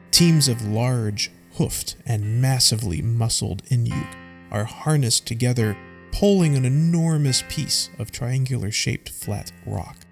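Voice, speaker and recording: A man narrating a scripted fantasy story at an unhurried pace, his voice gravelly with vocal fry. The recording carries a long, hall-like reverb. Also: mid-range voice, darkish tone. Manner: reads scene directions aloud, measured.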